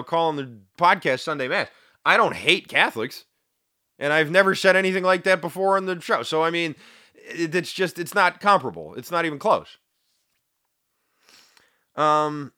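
A man's voice: on the high side, bright, forceful tone, dry recording, clean studio sound. A man hosting a solo podcast, talking in an emphatic, indignant way with sarcastic asides. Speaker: podcast host. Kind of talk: opinionated solo podcast commentary.

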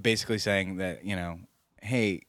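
A man's voice: lowish voice, lively intonation, normal speed, a bit bright, no room sound. A man in his forties, a stand-up comic, telling a long personal story in casual chat. He rambles and mocks himself, with plenty of "like" and "uh". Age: 40s. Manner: rambling, self-deprecating, lots of "like" and "uh". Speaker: stand-up comedian guest.

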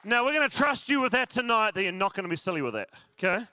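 Jokey high-voiced New pastor. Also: male voice, sing-song, fast, bright, forceful tone, smooth. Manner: jokey, chatty, talks to the crowd. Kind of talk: sermon. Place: church service with a congregation.

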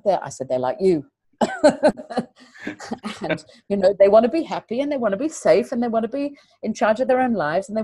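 A middle-aged woman, a teacher, talking earnestly in an interview and telling stories with lively, repeated emphasis. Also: medium pitch, dry recording. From England. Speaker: teacher and guest. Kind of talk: conversational interview.

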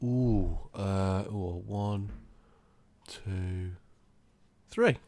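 A man's voice: low voice, very slow, a little mellow. A man co-hosting a casual podcast, making dry, joking asides. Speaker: podcast co-host.

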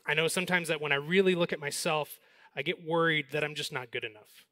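A man in his forties preaching a sermon as pastor, with animated storytelling that slows and softens for the message. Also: a little high, dry recording, clean studio sound.

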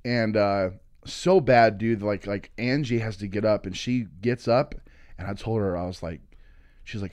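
Animated storytelling comic, dry studio sound. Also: male voice, on the low side, normal speed, no room sound. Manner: animated, swearing, acting out quotes. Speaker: comedian guest. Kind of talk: casual storytelling.

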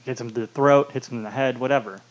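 A man's voice: medium pitch, steady tone, fast. A man co-hosting a casual movie podcast, rambling with lots of "like". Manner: rambling, fills with "like" constantly. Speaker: podcast co-host. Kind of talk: casual movie review chat. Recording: dull lo-fi sound.

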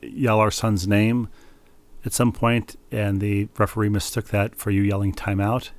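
A man's voice: lowish voice, flat delivery, unhurried. A man in his forties co-hosting a casual chat, telling family stories with dry teasing. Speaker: co-host.

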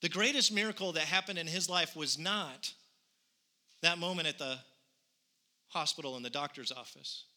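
A man's voice: fairly high pitch, moderate pace, pauses often, pushed and bright. A man in his thirties preaching a sermon, telling a personal story earnestly and building to conviction. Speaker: pastor.

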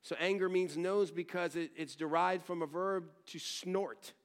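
Preaching in a high voice with a steady tone and measured pace, a middle-aged pastor alternates forceful teaching with hushed personal anecdotes. His delivery is candid, full of restarts.

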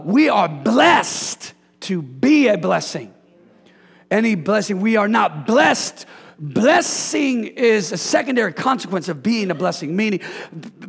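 A man's voice: sits high, creaky, slightly rough. A man in his thirties preaching a sermon in a church, playful and leading the congregation in call-and-response. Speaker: pastor. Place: church sanctuary. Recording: long reverb of a church hall.

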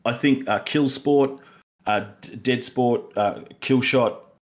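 A man's voice: medium pitch, takes it slowly. A young Australian man co-hosting a casual film review podcast, rambling with many fillers and restarts. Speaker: podcast co-host.

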